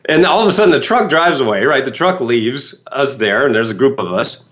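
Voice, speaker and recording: A man's voice: mid-range voice, lively intonation, brisk, a bit bright, dull audio. A man, a motivational speaker, telling a story in a podcast talk and acting out his own frightened reactions.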